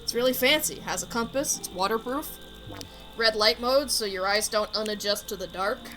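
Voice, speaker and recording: Woman doing a deadpan gear-proud uncle. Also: on the high side, moderate pace, faint music behind, low-quality recording. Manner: deadpan, listing features like a salesman.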